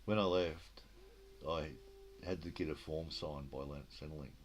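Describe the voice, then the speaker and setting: A man's voice: very deep voice, fairly even intonation, moderate pace, slight background noise. A man with an Australian accent telling rambling stories in a casual chat, swearing freely and acting out what people said. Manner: rambling, swears freely, acts out quoted dialogue. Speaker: storyteller.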